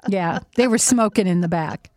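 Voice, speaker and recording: A middle-aged woman hosting a casual chat, animated and laughing often as she acts out little quotes. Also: lowish voice, moderate pace, no echo. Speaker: host.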